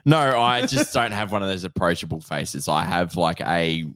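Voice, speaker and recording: A man's voice: deep voice, lively intonation, normal speed, a bit bright, no room sound. A man, co-hosting a podcast, throwing in dry, blunt, sweary remarks. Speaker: podcast co-host. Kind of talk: casual banter.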